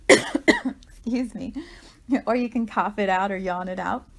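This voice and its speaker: A woman guiding a walking meditation, talking gently and conversationally with frequent asides to the listener. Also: medium pitch, slow, vocal fry. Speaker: meditation guide.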